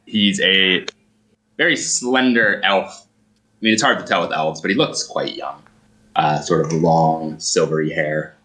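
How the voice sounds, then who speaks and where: Casting: male game master, low bright voice, loose rambling narration. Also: a little slow, poor audio. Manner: rambling, hedging with fillers.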